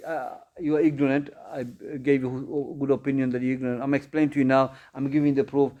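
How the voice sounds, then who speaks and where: A man's voice: medium pitch, steady tone, fast, hardly any pauses, mellow. A man teaching an informal Islamic studies class, answering students' questions in a conversational way, with many repeats and restarts. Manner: conversational, repeats phrases, frequent restarts and fillers.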